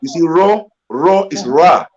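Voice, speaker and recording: A man with a fairly high voice speaks as a panel guest over dull, lo-fi online call audio. He explains slowly and repeats his words. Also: lively intonation.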